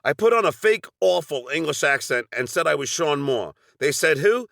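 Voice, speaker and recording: A man's voice: a little high, sing-song, a little fast, creaky, fairly bright tone, no echo, studio quality. A middle-aged man with a Long Island accent narrating a personal story from a script, with wry, sardonic asides.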